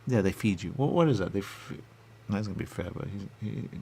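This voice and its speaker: A man with a low, gravelly voice that swings widely up and down as he riffs in a goofy routine. He argues with himself in silly back-and-forth, now and then sinking into a hushed aside. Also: animated, fast talker. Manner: goofy, answers his own questions, slips into hushed asides. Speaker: radio show personality.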